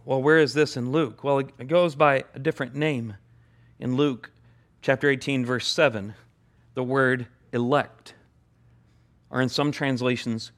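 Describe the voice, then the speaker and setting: A man's voice: medium pitch, unhurried, fairly bright tone. A man preaching a sermon, earnest and emphatic, who often repeats his key phrases for weight. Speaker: pastor.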